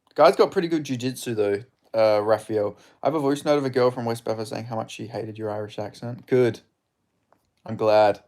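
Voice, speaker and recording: A man streaming live fight commentary, excitable and swearing, chatting with his viewers between rounds. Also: medium pitch, brisk.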